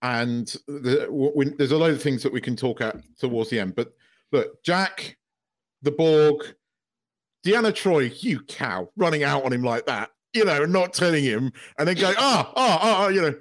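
A man co-hosting a podcast in casual chat, excitable, swearing freely and laughing often. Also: fairly high pitch, normal speed. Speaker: podcast co-host.

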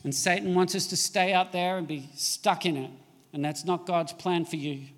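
A man preaching a sermon in a fairly high voice, leaning hard into his key points as his tone rises. The sound carries a long reverb of a church hall. His delivery is emphatic and earnest. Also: fairly even intonation, normal speed. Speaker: pastor.

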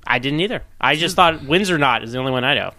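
A man co-hosting a casual podcast chat, sharing film trivia in a chatty, animated way and laughing often. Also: medium pitch, quick pace, dry recording.

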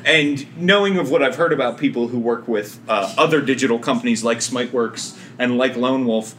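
A man with a New Jersey accent hosting a casual podcast discussion, relaxed and chuckling, with plenty of fillers. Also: mid-range voice, a little fast, a little hiss or hum. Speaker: podcast host.

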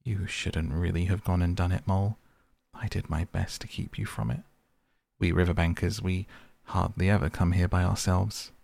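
A man's voice: deep voice, flat delivery, normal speed, gravelly, a little mellow. A man doing a hearty, brave old rat. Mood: reassuring. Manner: reassuring, hearty. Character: brave, good-natured male water rat.

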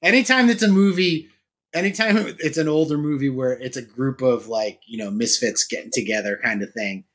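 A man with a Boston accent, trading animated stories and laughs in a casual podcast chat. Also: medium pitch, brisk. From Massachusetts. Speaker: actor and podcast talker.

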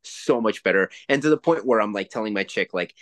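A man in his forties co-hosting a podcast, chatting casually and telling profane, animated stories. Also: fairly low pitch, a little fast, dry recording. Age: 40s. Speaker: podcast co-host. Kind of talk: casual chat.

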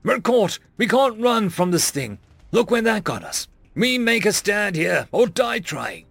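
A breathless, worn-out young fire mage woman in an audiobook, shouting in a raised, lively voice, as a man puts her on. Close, dry sound. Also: sits high, a little slow, vocal fry, no echo, voice pushed up, exaggerated voice. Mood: breathless, fierce.

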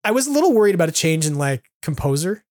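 Chatty man with a high, rambling voice. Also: quick pace, no room sound, studio quality. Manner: rambling, animated, lots of fillers. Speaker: podcast co-host. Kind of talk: casual podcast chat.

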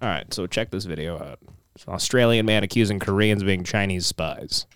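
A man's voice: deep voice, a little fast, fairly bright tone, smooth, no room sound, studio quality. A man hosting a casual comedy podcast, rambling with many fillers. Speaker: podcast host.

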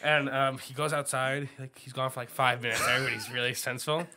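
A man's voice: mid-range voice, flat delivery, fast talker, bright, forceful tone, slight background noise. A man telling a school story among friends, stammering through restarts and laughing often. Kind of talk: casual chat.

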